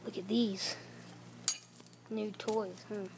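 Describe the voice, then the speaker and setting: A woman acting as a soldier in a home-made action video, muttering asides to herself and yelling shooting noises. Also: mid-range voice, flat delivery, takes it slowly, background noise. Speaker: soldier in a home-made toy-gun war film.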